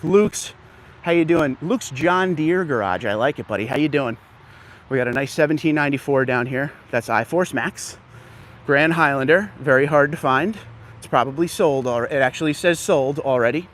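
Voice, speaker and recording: A man hosting a casual live stream, walking through an outdoor dealership lot and greeting viewers by name, a little out of breath from walking. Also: a little high. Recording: faint outdoor background noise.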